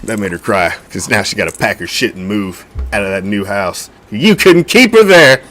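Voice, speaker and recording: A man's voice: on the low side, lively intonation, normal speed, a bit bright. A middle-aged man hosting a fan sports podcast, ranting heatedly and swearing constantly. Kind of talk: profane sports rant.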